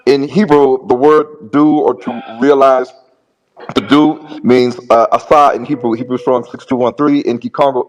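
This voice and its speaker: A man's voice: medium pitch, darkish tone, muffled recording. A man arguing his case in a debate, restarting phrases often and running through long lists of words. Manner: repeats words, many restarts, rapid lists of words. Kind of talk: debate argument.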